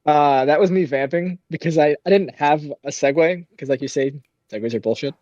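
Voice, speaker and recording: A man's voice: a little high, brisk, a little mellow, dry recording, highs cut off. A man, a comedian, hesitantly talking over his own set in casual chat. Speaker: comedian guest.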